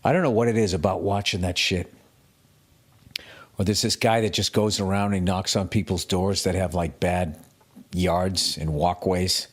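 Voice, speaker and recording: A man with a lowish voice, talking alone into a mic as a podcast host. He rants in a profane, self-mocking way and keeps it comic. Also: fairly even intonation, normal speed. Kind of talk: solo comedic podcast rant.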